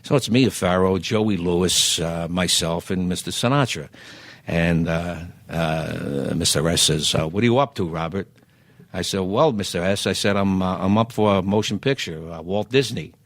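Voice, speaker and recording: A man, telling lively anecdotes as a podcast guest and acting out the dialogue. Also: deep voice, moderate pace, no room sound. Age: 70s. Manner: animated raconteur who acts out quoted dialogue. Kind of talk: anecdotal storytelling.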